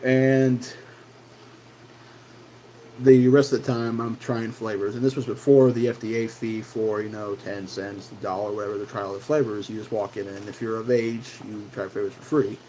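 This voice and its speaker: A man's voice: lowish voice, flat delivery, moderate pace, warm tone, slight background noise, low-quality recording. A man hosting his own channel, telling a personal story in a loose, casual way, full of fillers and restarts. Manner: rambling, many fillers and restarts. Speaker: channel host.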